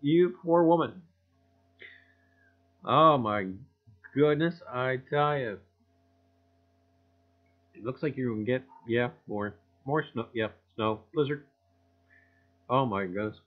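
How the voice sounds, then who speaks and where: A man's voice: medium pitch, slow, long pauses, narrow, tinny audio, soft background music. A man hosting a casual livestream chat, reading viewer comments in a folksy way and chuckling often. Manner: folksy, chuckling, repeats "I tell you".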